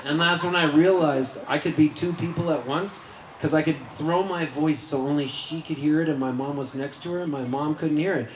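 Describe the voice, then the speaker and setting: A man's voice: on the high side, a little fast, a little hiss or hum. A man performing live on stage, chatting with the crowd between songs in a goofy, rambling, self-mocking way, often laughing. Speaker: singer-songwriter performing live. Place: winery concert venue, live audience. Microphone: stage vocal microphone. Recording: roomy live concert with guitar.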